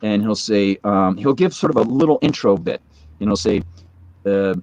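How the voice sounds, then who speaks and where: A man in his forties chats casually as a guest, spinning a long story with plenty of ums and side remarks. His voice sits on the low side and sounds dry and close, with little room around it. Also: lively intonation, normal speed, a little mellow, no echo. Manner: rambling anecdotal storytelling with many fillers. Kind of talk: casual chat.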